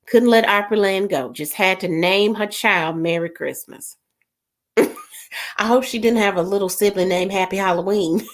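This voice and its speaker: A woman with a mid-range voice hosts a casual livestream, reading viewer comments aloud. She laughs often and gets puzzled over unusual names.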